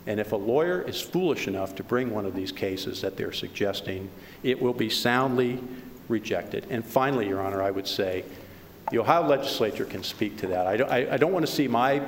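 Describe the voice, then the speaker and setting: A man's voice: fairly low pitch, expressive, fairly quick. Guy lawyer pleading his case in a big echoey courtroom, pushy rhetorical questions, kinda stumbly. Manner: emphatic, repeats rhetorical questions, stumbles on restarts. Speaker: attorney for the plaintiffs. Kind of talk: courtroom oral argument. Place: large courtroom. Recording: reverberant courtroom recording with faint noise.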